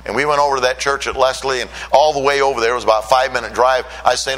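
Bright-voiced older preacher from Michigan. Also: male voice, medium pitch, fairly even intonation, very fast, few pauses, low-quality recording. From Michigan, USA. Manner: earnest storytelling, voice rising when emotional. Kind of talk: sermon with personal testimony.

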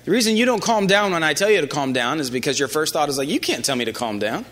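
Talking fast with lively intonation, a male preacher gives a conversational sermon. He restarts phrases frequently and shifts into a soft, low voice for quoted lines.

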